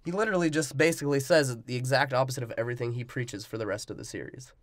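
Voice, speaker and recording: A man's voice: medium pitch, rapid-fire, no echo. A man with a mid-range voice trades sarcastic jokes in a loose movie recap and swears freely. The recording is close and dry. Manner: sarcastic, joking, profane. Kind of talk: casual movie recap chat.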